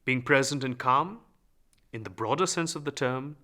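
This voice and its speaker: A man teaching a calm, guided voice lesson, giving instructions and demonstrating practice lines aloud. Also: mid-range voice, normal speed. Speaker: voice and speech teacher.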